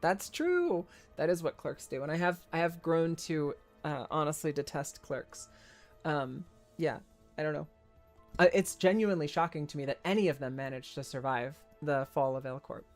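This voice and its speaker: A man's voice: on the high side, fairly even intonation, normal speed. Jokey man reading game text with faint music. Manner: jokey, laughs often, stumbles over words. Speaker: game streamer.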